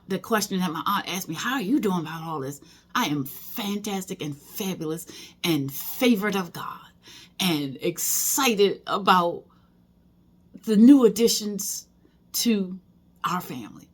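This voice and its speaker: A middle-aged woman talking casually in a personal vlog, emotional and rambling, with many fillers and restarts. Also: on the low side. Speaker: vlogger.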